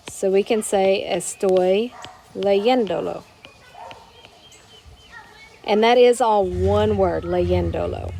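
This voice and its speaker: A woman's voice: mid-range voice, darkish tone, slight background noise. Patient woman teaching grammar. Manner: patient, explains step by step, slows down to model phrases. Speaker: Spanish teacher. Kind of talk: recorded grammar lesson.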